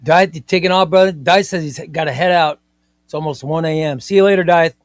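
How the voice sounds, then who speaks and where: A man hosting a comics live stream, chatting in an excitable, rambling way and often repeating himself. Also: fairly high pitch, a little fast, no room sound. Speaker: comics livestream host. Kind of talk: casual live-stream chat.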